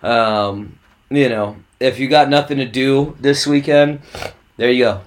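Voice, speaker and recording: A man's voice: mid-range voice, a little slow. A man co-hosting a casual podcast from California, stuffed up from allergies, laid-back and swearing freely. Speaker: podcast co-host. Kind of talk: casual chat.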